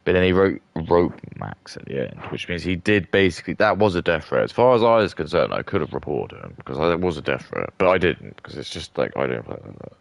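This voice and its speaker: A man with an extremely deep voice full of gravelly fry rambles through casual commentary as a streamer. He piles on filler words and starts sentences over. The sound is close and dry, with no room around it. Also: sing-song, quick pace, hardly any pauses, dry recording. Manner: rambling, heavy use of filler words, trailing restarts.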